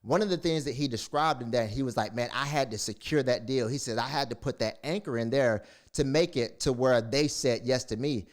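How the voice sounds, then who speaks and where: A man's voice: medium pitch, brisk, hardly any pauses. A man speaking to camera as a motivational speaker, retelling a story in a casual, rambling way with many fillers and restarts. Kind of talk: casual monologue.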